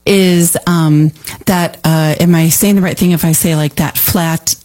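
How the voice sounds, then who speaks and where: A woman's voice: deep voice, steady tone, measured pace, a little mellow, soft background music. A woman hosting an interview, curious and conversational, often checking her wording and restating the guest's points. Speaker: interview host.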